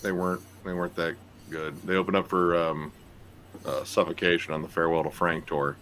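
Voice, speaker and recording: A man with a very low voice hosts a relaxed podcast conversation. He rambles, fills gaps with fillers and restarts his thoughts. A faint hiss sits under his voice. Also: fairly quick. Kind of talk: casual chat.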